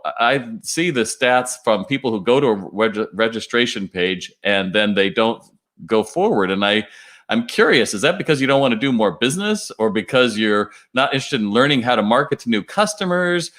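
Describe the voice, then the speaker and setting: A man's voice: medium pitch, expressive, moderate pace, fairly bright tone. A man working as a retail consultant, speaking in a casual promotional video and telling stories with fillers and restarts. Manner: chatty storytelling with fillers and restarts.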